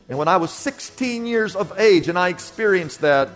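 A man from Kansas, a pastor, preaching a sermon with vivid storytelling that sinks to a hushed tone at key moments. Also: on the high side, animated, moderate pace, hardly any pauses, soft background music.

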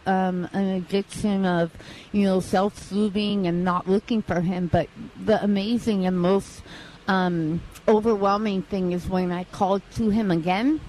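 A woman's voice: mid-range voice, a little mellow, slight background noise, rough recording. Earnest woman with a slight lisp. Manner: earnest, halting with restarts and fillers. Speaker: interview guest, mission staff. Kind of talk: personal testimony. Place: outdoors at a live charity event.

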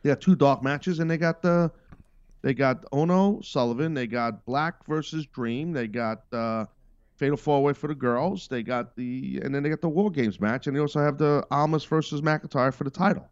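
A man's voice: on the high side, moderate pace, smooth, dry recording. A man hosting a podcast, speaking in a rambling, emphatic monologue that often breaks off and restarts. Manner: rambling, emphatic, self-interrupting. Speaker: podcast host and wrestling commentator. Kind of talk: casual monologue. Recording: dull lo-fi dry sound.

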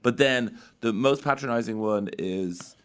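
A man's voice: mid-range voice, a little slow, smooth. A man with an Irish accent, chatting as a comedy guest and telling dry, self-mocking stories. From Ireland. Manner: dry self-deprecating storytelling. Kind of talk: casual comedic chat.

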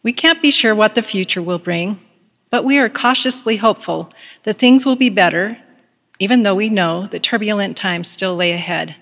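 A woman giving a devotional address, reading a story in a measured, earnest way. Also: mid-range voice, a bit bright, big-room sound. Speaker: devotional speaker.

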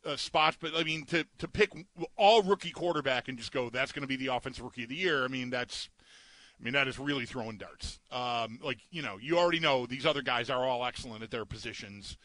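A man's voice: mid-range voice, a little fast, pushed and bright, no room sound. A man co-hosting a sports talk show, rambling casually and stammering through many restarts. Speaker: co-host. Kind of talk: sports betting radio chat.

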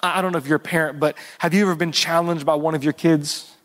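A man's voice: on the high side, fairly even intonation, fast talker, fairly bright tone, long reverb tail. A man preaching a sermon as pastor, earnestly stretching out key words and calling for responses from the congregation. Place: church service.

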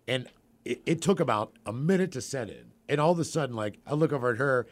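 A man telling a story in casual chat, animated and laughing as he talks. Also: medium pitch, fast talker.

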